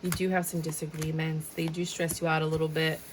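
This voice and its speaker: A woman's voice: sits low, level tone, brisk, slight background noise, poor audio. A woman giving a casual tarot reading, chatty and dramatic, sometimes slipping into a sing-song tone. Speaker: tarot reader.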